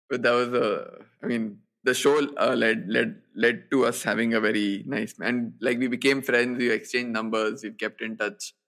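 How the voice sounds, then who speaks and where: A man's voice: mid-range voice, a little slow, a bit bright. Chatty young man telling a story. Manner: chatty storyteller, fillers and restarts, laughs often. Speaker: podcast co-host. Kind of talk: casual chat.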